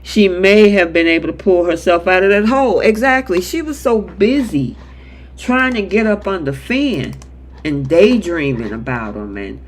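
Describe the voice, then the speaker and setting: A man's voice: sits high, animated, normal speed. A man hosting a live chat show that recaps a soap opera, reading viewer comments and acting out characters' lines in quotes. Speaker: show host.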